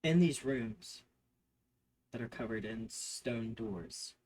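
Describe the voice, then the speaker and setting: A man's voice: mid-range voice, slow pace, a little mellow. A man narrating a tabletop game as game master, describing scenes off the cuff and often correcting himself mid-sentence. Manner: improvised description with fillers and self-corrections.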